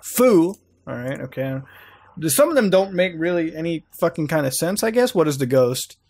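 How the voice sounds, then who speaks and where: A young man hosting a gaming channel browses websites and laughs at them, rambling and swearing casually. His voice is on the high side, very animated and a little mellow, at normal speed.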